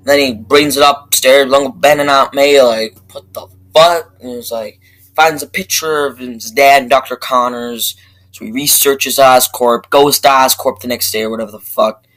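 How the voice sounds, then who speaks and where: A young man talks through a movie review in a loose, rambling rant, swearing at every turn and tripping over his own restarts. His voice is bright and forceful, with a middling pitch. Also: normal speed, low-quality recording. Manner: profane, excitable, rambling with many fillers and restarts.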